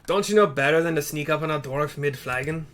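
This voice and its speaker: A man voicing a feisty small male dwarf warrior in a rough put-on accent that slips in and out. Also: on the high side, brisk, fairly bright tone, natural voice. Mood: gruff.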